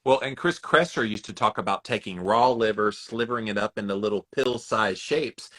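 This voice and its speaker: Jokey podcast host, bright male voice. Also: lowish voice, moderate pace. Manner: jokey, emphatic, playful asides. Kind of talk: casual podcast conversation.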